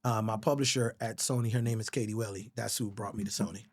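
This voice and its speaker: A man's voice: on the low side, steady tone, fast. A middle-aged man from the Virgin Islands, a songwriter guest telling stories candidly and emotionally, swearing often and calling people bro. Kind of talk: casual storytelling interview.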